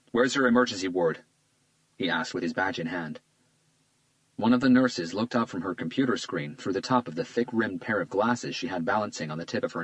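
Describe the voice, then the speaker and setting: A man giving measured, scripted audiobook narration on a close studio mic. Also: sits low, dry recording.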